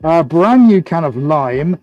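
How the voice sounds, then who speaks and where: A man's voice: on the high side, animated, slow, darkish tone, highs cut off. Chatty man hosting a painting stream. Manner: chatty, jokey, laughs often while working. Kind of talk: casual live-stream commentary. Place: art studio, indoors.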